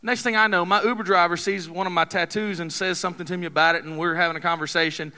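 A man's voice: sits high, fairly even intonation, quick pace, sharp tone, clean tone. A man, preaching a sermon in a folksy, joking, conversational way, telling a story to his congregation. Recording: long hall reverb.

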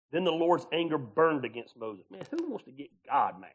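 A man preaches with a high, bright voice. His sermon is folksy and animated, full of laughter, and he acts out little scenes as he goes. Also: moderate pace, few pauses, husky. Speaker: pastor.

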